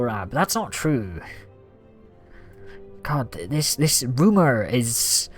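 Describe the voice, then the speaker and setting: A man's voice: medium pitch, extremely slow, long pauses, husky, soft background music. A young man chatting casually on a gaming livestream, thanking viewers and reacting to the game. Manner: chatty, reads out gift thanks, animated. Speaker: streamer.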